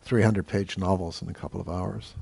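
A man teaching meditation, answering questions in a calm, measured way with frequent hesitant fillers. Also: deep voice, creaky, slightly rough. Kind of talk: dharma talk Q&A.

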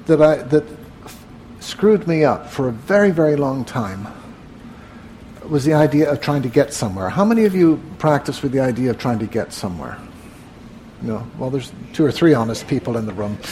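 A man teaching meditation to a live group in a room, relaxed and conversational, often asking the room questions. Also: fairly high pitch, a little hiss or hum. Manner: relaxed, asks the audience questions, frequent "uh". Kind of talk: evening talk to a live group.

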